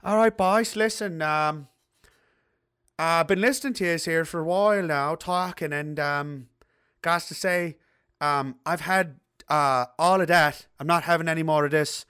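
A man voicing a gruff middle-aged Canadian dad with a Canadian accent, drawling slow, calm threats. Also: fairly high pitch. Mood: menacing.

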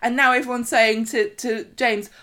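A woman co-hosting a relaxed podcast, talking through a soap episode at a chatty clip. Her tone is sarcastic, and she keeps dropping in laughing asides. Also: a little high, moderate pace. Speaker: podcast co-host. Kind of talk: casual chat recapping a soap.

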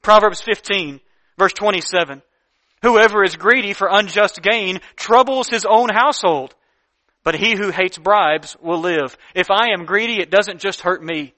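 A man with a high, ringing voice delivers a sermon. He reads scripture slowly and deliberately, then explains it in plain, earnest words. He drives home his points with emphatic repeated lists. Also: sharp tone. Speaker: preacher. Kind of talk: sermon teaching from Proverbs.

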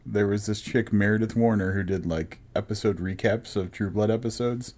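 Male podcast co-host, lowish voice, laid-back and foul-mouthed. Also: steady tone, moderate pace, a little mellow. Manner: casual, profane, chatty. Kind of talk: casual podcast chat.

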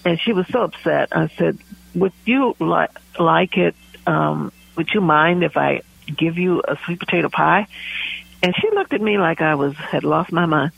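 A woman's voice: low-pitched, moderate pace, gravelly, breathy edge, dry recording, lo-fi sound. A woman guest telling a heartfelt story in an interview, laughing often as she talks. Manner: warm testimony with frequent laughs. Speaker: guest, community pie baker.

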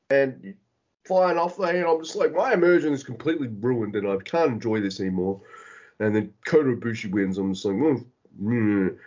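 Exasperated, husky-voiced podcast man. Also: highs cut off. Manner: animated, swearing, voice jumps high in exasperation. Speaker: podcast co-host. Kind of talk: casual podcast chat.

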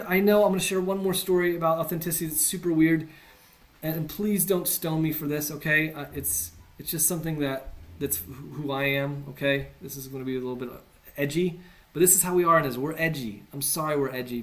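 Earnest man teaching a class. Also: fairly high pitch. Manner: earnest and conversational, with self-deprecating asides. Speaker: teacher on evangelism.

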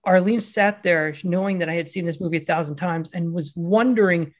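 A man co-hosting a casual film chat, telling stories in an animated way and laughing often. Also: high-pitched, fairly quick. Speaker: podcast co-host.

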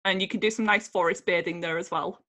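A woman hosting a podcast, reading a scripted intro in a clear, friendly, measured way before welcoming her guest. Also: lowish voice, fairly even intonation, sharp tone. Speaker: podcast host.

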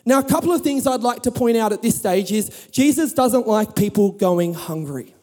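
Male pastor, sermon, warm mellow tone, emphatic storytelling, humorous. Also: high voice, animated, normal speed, long reverb tail. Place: church hall with audience.

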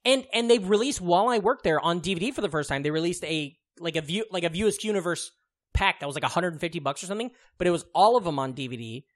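This podcast co-host is a man in his thirties who talks fast in a high voice with lively intonation. His casual chat wanders, full of profanity, filler words, and frequent laughter.

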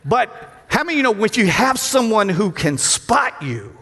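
High-voiced preacher man in a reverberant hall. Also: very animated, normal speed, slightly rough. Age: middle-aged. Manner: preaching with call-and-response to the congregation; acts out quoted voices with big pitch jumps and shouts. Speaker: pastor. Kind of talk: sermon.

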